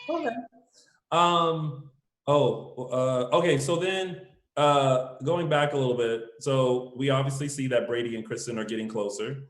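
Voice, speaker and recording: A man's voice: medium pitch, unhurried. A man co-hosting a casual podcast, rambling with many fillers and restarts. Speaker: podcast co-host. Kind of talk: casual chat recapping a soap opera. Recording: roomy home recording.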